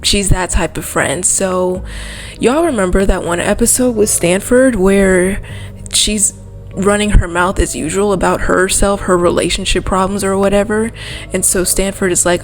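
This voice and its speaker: Young woman ranting in a video essay, annoyed and quick, middle pitch. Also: fairly even intonation, a little hiss or hum. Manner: exasperated, fast ranting.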